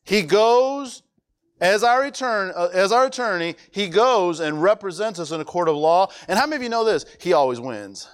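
High, clear-voiced male preacher. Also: animated, normal speed. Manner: conversational, repeats words, quizzes the audience. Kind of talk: sermon.

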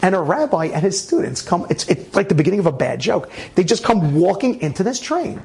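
A man telling a story casually, animated, with frequent restarts and laughter. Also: high-pitched, a little fast, creaky.

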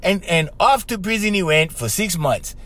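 A man's voice: high voice, animated, normal speed, a bit bright. A man with a Hawaiian Pidgin accent, hosting a podcast as a casual, loose monologue full of "bro" and laughs. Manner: chatty, loose, laughs often, says bro. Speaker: podcast host.

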